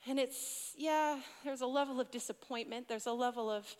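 A young woman in her twenties gives a sermon in a high, light voice. She talks like she is chatting with a room of teens, slipping in asides, and her words ring out with a long reverb from a big church hall. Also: moderate pace, few pauses, a little mellow, clear, resonant tone. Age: 20s. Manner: conversational storytelling with asides to teens. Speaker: youth pastor.

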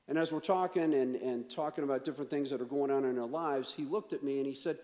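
A man's voice: medium pitch, quick pace, dark tone. A man preaching a sermon as pastor, reading scripture and talking it through in a conversational way, with chatty asides. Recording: long reverb of a church hall.

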